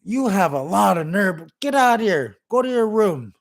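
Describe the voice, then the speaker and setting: A man's voice: mid-range voice, normal speed, no room sound, lightly acted. Man voicing an angry stressed-out dad. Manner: yelling, indignant. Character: stressed working father, quick-tempered.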